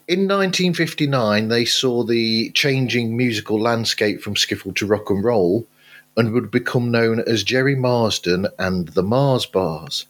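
A man's voice: medium pitch, fairly bright tone. A man, co-hosting a podcast, explaining band history with chatty asides. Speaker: podcast co-host. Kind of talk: casual chat.

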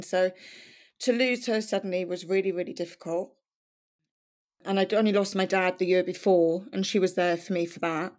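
A middle-aged woman from Wales, a podcast guest telling her life story in a chatty, candid way and laughing often. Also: medium pitch. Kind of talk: conversational storytelling.

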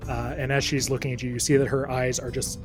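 A man at a middle, ordinary pitch narrates a tabletop game as dungeon master. He describes scenes at an easy pace, with plenty of "uh"s along the way. Faint guitar music plays behind him. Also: quick pace. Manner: relaxed, descriptive narration with frequent fillers.

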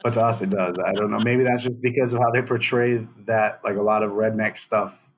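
A man co-hosting a loose podcast chat, blunt and crude in how he talks. His voice is somewhat low with a husky edge. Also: steady tone, fairly quick. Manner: crude, blunt, laughs often. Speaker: podcast co-host. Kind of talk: casual chat.

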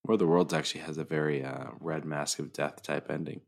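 A man co-hosting a casual podcast, rambling and trailing off mid-thought in a sleepy, low-key way. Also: steady tone, brisk, vocal fry. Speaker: podcast co-host.

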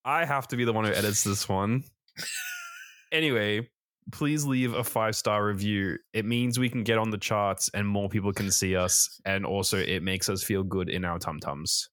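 A man's voice: fairly low pitch, steady tone, moderate pace, fairly bright tone, no echo, clean studio sound. A man co-hosting a movie podcast, chatting casually and joking loosely with the odd swear. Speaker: podcast co-host. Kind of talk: casual chat.

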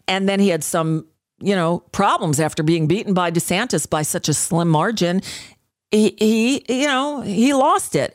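A woman's voice: mid-range voice, dry recording, studio quality. A woman hosting a radio talk show, giving a blunt, profane, sarcastic political monologue with frequent fillers and restarts.

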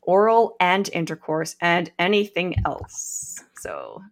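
A woman's voice: fairly low pitch, huge pitch swings, takes it slowly. Laughing woman reading aloud wryly. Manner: wry, laughs often while reading. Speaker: podcast host. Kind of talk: casual chat, reading aloud from a book.

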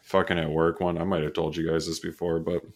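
A man's voice: deep voice, little pitch movement, fast talker. A man in his thirties, a podcast co-host telling laid-back, sweary anecdotes in casual chat. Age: 30s.

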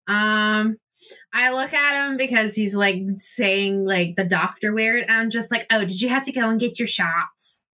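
A young woman playing in a tabletop game, chatting casually, swearing and reacting loudly. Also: medium pitch. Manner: swearing, loud and laughing reactions. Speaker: player. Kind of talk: casual role-play chat.

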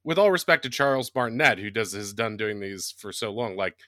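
A man co-hosting a podcast in casual chat, animated and rambling, often laughing. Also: on the low side, fairly quick, no room sound, studio quality. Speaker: podcast co-host.

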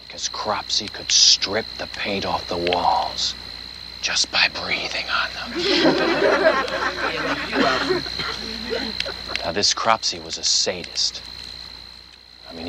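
A man voicing a gruff campfire storyteller in a put-on accent, telling a camp legend in a low, hushed manner that keeps slipping into whispers. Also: huge pitch swings, slow pace, pauses often, very noisy, full character voice. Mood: ominous. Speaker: podcast co-host.

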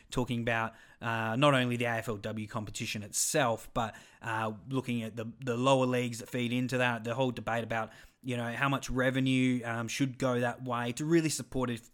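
A man's voice: medium pitch, fairly bright tone. An Australian man in his thirties hosting a solo podcast, talking in a rambling, self-deprecating way full of digressions. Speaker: podcast host.

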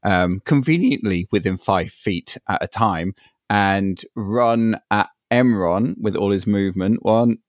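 Hesitant man with a low voice, dry sound. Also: unhurried, no echo. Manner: hesitant, thinking aloud with many fillers. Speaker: player. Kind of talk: describing his character's actions.

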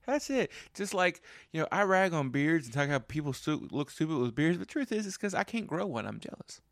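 A man and parent co-hosting a casual chat, stammering into his points and getting animated as he tells stories. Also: a little high, brisk, no room sound, clean studio sound. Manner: stammering restarts, animated when telling stories. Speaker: podcast co-host and parent.

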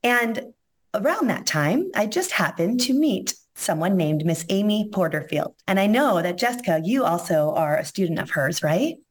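A hoarse woman, a podcast guest telling her story in a heartfelt, emotional way. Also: medium pitch, big pitch swings, normal speed. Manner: emotional, heartfelt, close to tears. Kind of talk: casual interview storytelling.

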